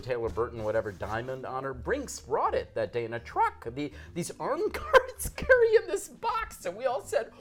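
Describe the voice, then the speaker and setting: A man, a guest author, telling an anecdote in a lively, animated way, acting out the quotes. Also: on the low side.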